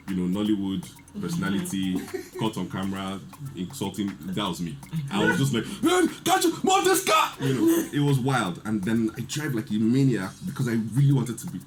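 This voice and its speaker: A man, telling a lively story in casual chat and acting out the quotes. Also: on the low side, a little fast, music in the background. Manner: animated storyteller, laughs often, acts out quotes. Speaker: podcast guest.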